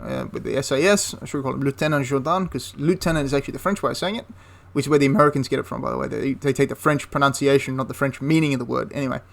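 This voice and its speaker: A man's voice: medium pitch, racing, vocal fry, few pauses. A young man casually retelling a wartime history story, chatty and prone to correcting himself mid-sentence. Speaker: history channel host.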